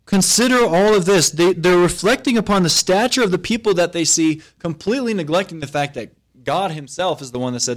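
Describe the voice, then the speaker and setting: A man preaching a sermon to his congregation. He reads scripture aloud, then retells it in plain, everyday talk, and his voice swings from loud to very soft. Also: high voice, brisk, few pauses. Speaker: pastor.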